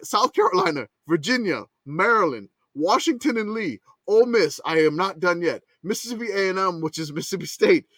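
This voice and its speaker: A man hosting a casual podcast chat, excitable, swearing and laughing as he talks. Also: high voice, fairly quick, hardly any pauses, dry recording. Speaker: podcast host.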